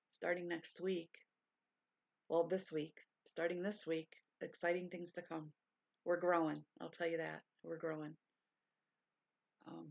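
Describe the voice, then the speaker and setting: A woman chatting casually to her stream viewers from her bedroom, repeating herself and gushing with excitement, sometimes keeping her voice down. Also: fairly low pitch, gravelly, dry recording. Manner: hushed at times to stay quiet. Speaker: vlogger. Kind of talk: casual livestream chat. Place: bedroom at home. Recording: dull lo-fi sound.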